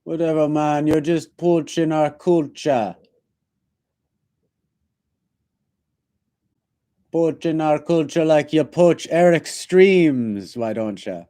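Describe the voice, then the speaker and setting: A man's voice: fairly high pitch, dark tone, voice pushed up, natural voice. A man voicing a mock Jamaican bar bouncer with a put-on Jamaican accent, teasing and laughing as he throws someone out. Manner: laughing, taunting, drawn-out.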